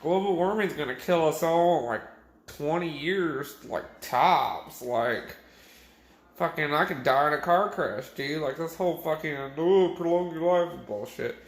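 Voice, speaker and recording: A drunk young vlogger rambles crudely to camera in an echoey room, swearing and laughing at his own jokes. His voice sits on the high side, expressive and unhurried.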